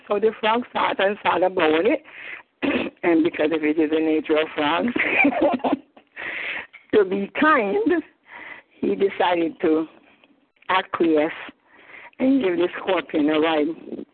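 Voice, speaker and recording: Husky Jamaican woman preaching over the phone. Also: on the low side, lively intonation, a little slow. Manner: repetitive restarts, frequent throat-clearing. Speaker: Bible study teacher, elder. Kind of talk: teaching sermon, storytelling. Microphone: phone call. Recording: tinny phone line.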